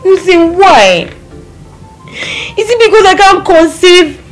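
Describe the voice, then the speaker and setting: A woman's voice: medium pitch, very animated, unhurried, soft background music, low-quality recording. A woman with a Nigerian accent playing a childless wife who pleads with her husband and doctor in a film. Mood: tearful. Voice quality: tearful, pleading. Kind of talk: Nollywood film acting.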